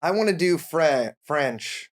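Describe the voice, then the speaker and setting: A man co-hosting a casual comedy podcast, easygoing and quick to laugh. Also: a little high, animated. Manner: giggly, easygoing, laughs often. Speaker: podcast co-host.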